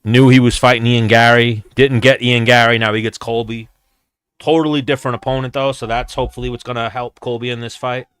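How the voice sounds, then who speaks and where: A man's voice: medium pitch, little pitch movement, a little fast, fairly bright tone, smooth, dry recording. A man hosting a casual fight watch-along, chatting loosely with viewers in a rambling, profane way. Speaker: host.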